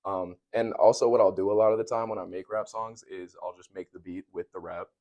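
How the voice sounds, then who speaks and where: A young man, a rapper and producer, talking easily in slang and getting animated when he jokes. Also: deep voice, fairly quick. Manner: easygoing slangy talk, animated when joking. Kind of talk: casual chat.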